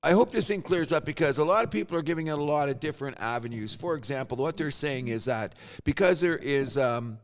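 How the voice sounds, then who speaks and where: A man's voice: on the high side, lively intonation, fairly quick, hardly any pauses. A man hosting a podcast, talking sports in a jokey, storytelling way. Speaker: podcast host. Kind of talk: casual sports chat.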